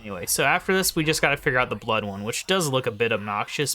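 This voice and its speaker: Bright-voiced man muttering game commentary. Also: medium pitch, animated, fast talker, few pauses, slight background noise. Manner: mumbles quiet asides, sometimes whispers. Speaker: let's play host. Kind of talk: casual gameplay commentary. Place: at home late at night.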